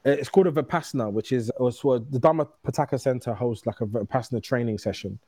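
A man in his thirties talks candidly as a guest and tells stories in an easy, conversational way. His voice is mellow and warm, sits in a middle register, and is recorded dry and close with no room sound. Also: medium pitch, slightly rough, no room sound. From United Kingdom. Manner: candid, storytelling, quick restarts. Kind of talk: casual conversation.

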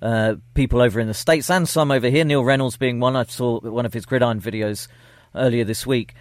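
A man's voice: mid-range voice, brisk, no room sound. A man co-hosting a sports podcast, casual, laid-back and teasing. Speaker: podcast co-host.

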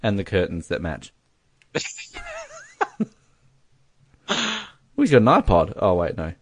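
A man's voice: deep voice, huge pitch swings, takes it slowly. A man co-hosting a podcast, chatting casually through a film commentary with a joking, giggly manner. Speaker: podcast co-host.

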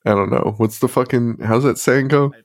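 A man's voice: mid-range voice, normal speed, darkish tone. A man co-hosting a podcast, recapping films in casual chat, swearing and laughing as he rambles. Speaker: podcast co-host.

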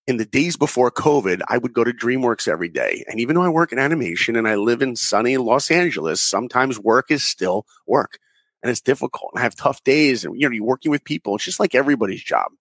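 Husky, earnest storytelling man. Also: medium pitch, animated, fast, a bit bright, dry recording. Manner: earnest storyteller, acts out quoted voices. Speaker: guest animator and director. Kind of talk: podcast interview.

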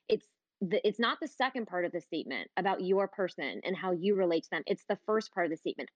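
A woman's voice: mid-range voice, moderate pace, dry recording, lo-fi sound. A woman in her thirties hosting a live talk, speaking earnestly and conversationally about her children. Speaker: host of a live online talk. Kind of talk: casual heartfelt talk.

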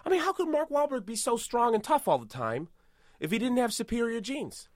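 A man doing an impression of a boastful tough-guy movie star, rambling deadpan about absurd things in an improvised comedy podcast. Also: extremely high pitch, fairly quick, no room sound, studio quality, voice pushed up.

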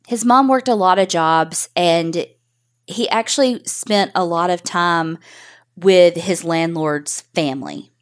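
A woman's voice: lowish voice, slow pace. Chatty woman telling a true-crime story. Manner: chatty, frank, casual swearing. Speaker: podcast co-host.

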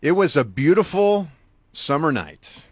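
A man's voice: very animated, a little slow, no echo. Middle-aged guy, author, telling his story all earnest, voice jumps up and down a lot, dry close sound. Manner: earnest, talks straight to the listener; wide swings in pitch and loudness for emphasis. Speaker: author and guest speaker. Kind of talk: motivational storytelling.

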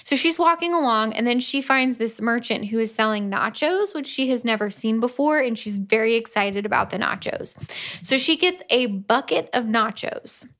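Podcast co-host, woman, lively casual recap voice, a touch high. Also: normal speed. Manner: animated retelling with playful voices for characters. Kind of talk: casual book-review chat.

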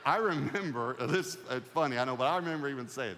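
A man's voice: medium pitch, expressive, normal speed, a bit bright, a little hiss or hum. A man preaching a sermon as a pastor, telling a personal story in a conversational, humorous way. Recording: long reverb of a large hall.

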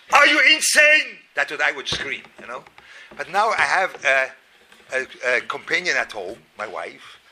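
At a Torah class, this middle-aged Swiss lecturer tells animated stories at his own expense, repeating words and breaking into abrupt loud outbursts. His voice sits in the mid-range, with a little hiss or hum on the recording.

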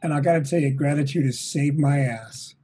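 A middle-aged man, a touring drummer, talking as an interview guest in an energetic, motivational way, swearing now and then. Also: a little high, brisk, slightly rough. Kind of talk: casual interview. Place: home, at a desk.

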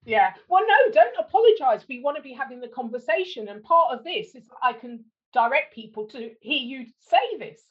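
A woman's voice: sits high, sing-song, normal speed, few pauses, muffled recording. A middle-aged woman hosting a podcast interview in a casual chat, dropping self-deprecating jokes and laughing often. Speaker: podcast host.

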